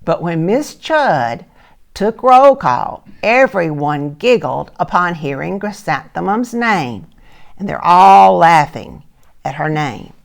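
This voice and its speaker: An older woman, a retired teacher, reading a picture book aloud to children and asking them gentle questions. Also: lowish voice, sing-song, takes it slowly, creaky. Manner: gentle, asks listeners soft questions.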